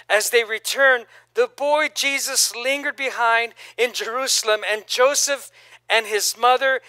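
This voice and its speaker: A male pastor preaching a lively sermon, reading scripture aloud and calling on the congregation to repeat after him. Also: high voice, no room sound. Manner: reads scripture aloud, then comments casually.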